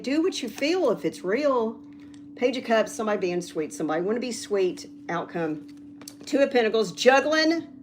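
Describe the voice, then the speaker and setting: A woman reading tarot cards on a casual livestream, rambling and getting loud when she's excited. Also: fairly high pitch, slight background noise. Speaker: tarot reader.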